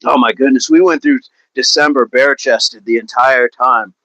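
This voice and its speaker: A man's voice: medium pitch, fairly even intonation, moderate pace, vocal fry, sharp tone, no room sound, low-quality recording. A man leading an outdoor workout livestream, joking with viewers and laughing often in casual chat. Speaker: fitness coach leading a live workout.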